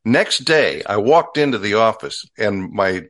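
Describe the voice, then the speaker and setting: Older guy, really low voice, relaxed wry interview host. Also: measured pace. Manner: relaxed, wry, rambling asides. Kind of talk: casual conversational interview.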